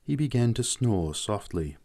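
A man narrating a novel in a measured, expressive audiobook reading. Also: lowish voice.

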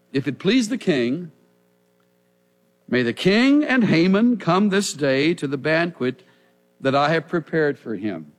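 A man preaches in a high, lively voice that swings widely up and down. He presses his points home with emphatic rhetorical questions. The sound carries a long reverb, as in a large hall. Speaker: pastor. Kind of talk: sermon.

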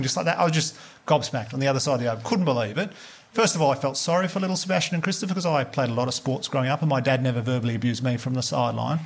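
Fast-talking male stand-up comic. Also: mid-range voice, husky. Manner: animated, sweary storytelling with put-on quoted voices. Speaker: stand-up comedian. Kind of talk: stand-up comedy storytelling.

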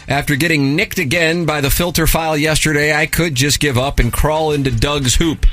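A man's voice: fairly high pitch, steady tone, normal speed, hardly any pauses, a bit bright, faint music behind. A man hosting a radio show, reading listener emails aloud with a sarcastic, mock-formal delivery.

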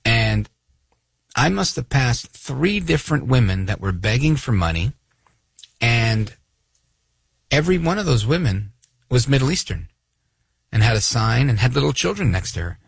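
A man hosting a talk radio show, giving sarcastic, animated commentary. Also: medium pitch, normal speed, creaky, pauses often, husky, no echo. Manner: sarcastic, animated, acts out voices of others.

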